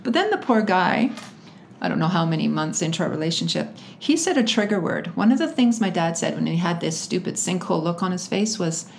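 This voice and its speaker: A woman's voice: on the low side, animated, a little fast, creaky, a little hiss or hum. A woman being interviewed, telling a personal story emphatically and with animation, often laughing as she talks. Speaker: interview guest. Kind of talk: personal story told in conversation.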